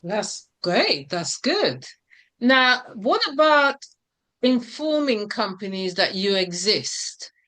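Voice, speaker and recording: A woman's voice: mid-range voice, big pitch swings, takes it slowly, a bit bright. A woman interviewing a guest, asking questions in a friendly, affirming way. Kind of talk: conversational interview.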